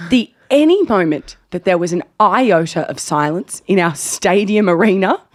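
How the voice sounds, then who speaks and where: Woman telling lively stories. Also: on the low side, moderate pace. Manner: lively storytelling with laughter. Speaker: podcast co-host. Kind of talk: casual chat.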